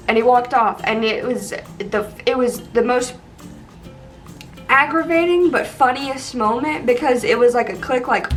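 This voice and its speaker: A young woman telling funny stories from her life in a chatty, animated way with lots of fillers. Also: fairly high pitch, unhurried, distant mic, soft background music, low-quality recording. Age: young adult. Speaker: vlogger. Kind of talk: casual storytime.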